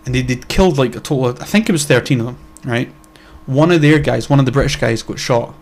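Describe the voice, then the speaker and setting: A man's voice: mid-range voice, fast talker, darkish tone. A young man co-hosting a casual podcast, talking bluntly and heatedly and swearing a lot. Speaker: podcast co-host.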